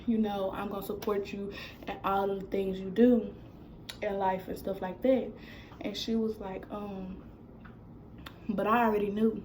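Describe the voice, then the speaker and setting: A woman's voice: mid-range voice, normal speed, slight background noise, low-quality recording. Young woman telling a casual storytime. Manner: casual, animated retelling with quoted dialogue. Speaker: vlogger. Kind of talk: storytime vlog.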